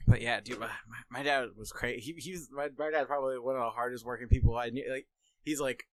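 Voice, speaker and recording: A young man co-hosting a comedy podcast who rambles in a relaxed way and laughs easily. His voice is mid-pitched. The sound is close and dry. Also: no room sound. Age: young adult. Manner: laid-back, rambling, quick laughs. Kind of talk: casual comedy chat.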